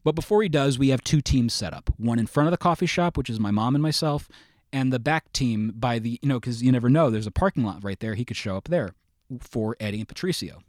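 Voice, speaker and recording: This is a young adult man of middle pitch telling a story as a podcast guest. He is animated and self-mocking and acts out the lines of the people in it. The sound is dry and close, with no room echo. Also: a little fast. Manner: lively, self-mocking storyteller acting out quotes.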